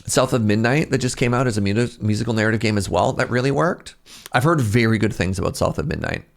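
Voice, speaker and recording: A man's voice: fairly low pitch, fast, vocal fry. A male streamer chatting casually as he reacts to game trailers, laughing often and thinking aloud.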